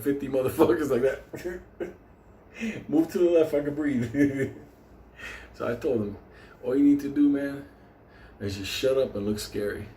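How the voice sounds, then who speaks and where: A man's voice: mid-range voice, darkish tone, slight background noise. A man, hosting a livestream and telling a story in casual, profane talk, laughing often as he goes. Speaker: stock livestream host. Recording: roomy echo.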